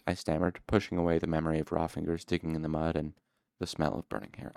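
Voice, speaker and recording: A man reading a novel aloud in the first person, with measured, steady storytelling. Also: low voice, gravelly, no room sound, clean studio sound. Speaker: audiobook reader.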